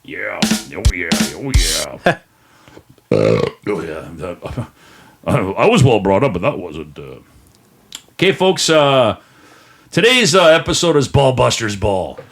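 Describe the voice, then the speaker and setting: A man's voice: fairly low pitch, big pitch swings, takes it slowly, gravelly, pauses often, soft background music. A Canadian man co-hosting a live podcast stream, rambling and joking with many fillers. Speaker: podcast co-host.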